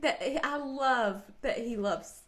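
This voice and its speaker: A woman's voice: on the high side, slow pace. A woman co-hosting a casual reaction podcast, enthusiastic and gushing. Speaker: podcast co-host.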